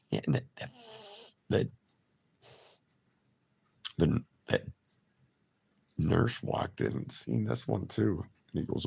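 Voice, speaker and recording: Man, livestream host, casual chat, husky, slow-talking, replies to viewers by name. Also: low voice, sing-song, a little mellow. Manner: chatty, reacts to viewer comments and names viewers.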